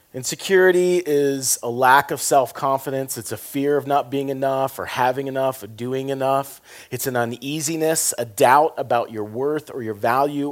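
A pastor preaching with a loose, conversational touch. He tosses in jokes and quiet asides, then pushes hard on key words. His voice sits in a middle pitch for a man. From American South. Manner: conversational, jokey, swings between quiet asides and loud emphasis. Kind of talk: sermon.

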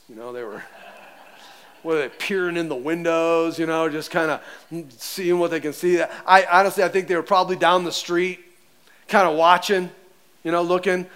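Animated high-voiced male pastor. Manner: animated, conversational, acts out voices. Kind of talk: sermon.

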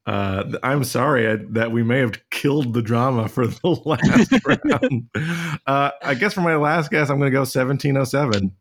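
Man co-hosting trivia, excitable and giggly, rambling casual banter. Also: mid-range voice, normal speed. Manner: excitable, laughs often, rambling storyteller. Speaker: trivia show co-host.

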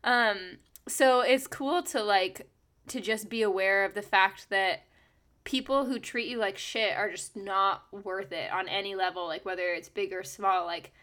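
A woman's voice: mid-range voice, steady tone, measured pace, fairly bright tone. A young woman musician co-hosting a podcast in casual chat, talking with many fillers and restarts and laughing often.

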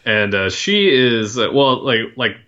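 Bright, deep-voiced man on a dull line. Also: very animated, unhurried. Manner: rambling, apologetic, self-correcting. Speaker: podcast co-host. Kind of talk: casual film discussion. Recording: slightly dull, lo-fi sound.

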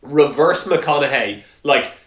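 A man's voice: mid-range voice, expressive, slow pace. A man co-hosting a casual podcast, opinionated and rambling, filling with "like". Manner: opinionated, rambling with many likes. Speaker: podcast co-host. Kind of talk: casual banter. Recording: roomy echo.

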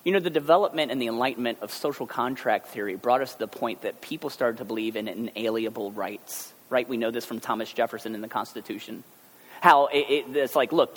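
A male pastor giving a conversational sermon, animated and joking as he talks to the congregation. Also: medium pitch. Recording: long hall reverb.

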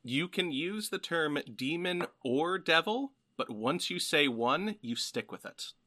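A man who is a guest on a book podcast, soft-spoken, often trailing off. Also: a little high, lively intonation, unhurried. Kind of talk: casual chat.

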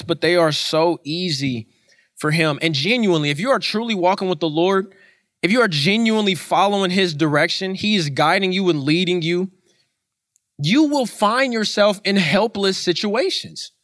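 A man's voice: on the high side, fairly bright tone, dry recording, studio quality. A man preaching a sermon in an earnest way, repeating his points for emphasis.

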